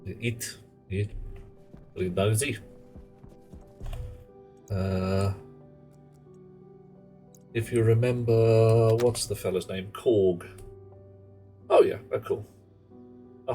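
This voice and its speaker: A man's voice: lowish voice, slow pace, long pauses, darkish tone, soft background music. A man streaming a game, talking to himself and chatting asides as he works through it. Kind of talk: live gameplay commentary. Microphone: headset.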